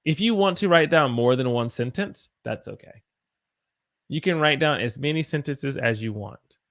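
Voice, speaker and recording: Tired, lively American teacher. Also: male voice, medium pitch, normal speed. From United States. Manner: encouraging, reads out viewer sentences and corrects them. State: tired after a long day. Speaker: English teacher. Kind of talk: live-streamed English lesson.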